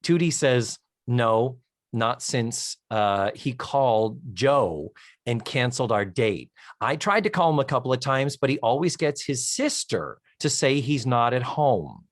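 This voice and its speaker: Podcast co-host, male: lively, swinging pitch, acts out scenes, dry close mic. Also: a little slow, no room sound. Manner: animated storytelling, acts out lines from the episode; swears for comic effect. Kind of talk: casual recap chat.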